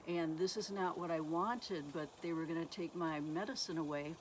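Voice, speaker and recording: A middle-aged woman telling her personal faith testimony slowly and haltingly, with many pauses. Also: sits low, fairly even intonation, a little hiss or hum. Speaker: speaker sharing her testimony.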